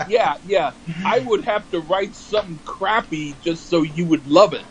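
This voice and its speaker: A man co-hosting a podcast in casual chat, self-deprecating and halting, restarting his words often. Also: high voice, background noise. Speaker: podcast co-host and songwriter.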